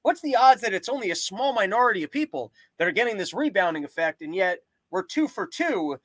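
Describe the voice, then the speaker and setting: High-voiced man riffing on his podcast. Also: very animated, a little fast, a bit bright, no echo, poor audio. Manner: rambling, sarcastic, riffing tangents. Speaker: podcast host. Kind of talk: comedic monologue.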